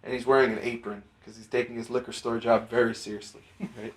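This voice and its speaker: A young man hosting a podcast, telling a rambling, profane story in casual chat and jumping into animated quoted voices. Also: medium pitch, fast. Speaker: podcast host. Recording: roomy echo.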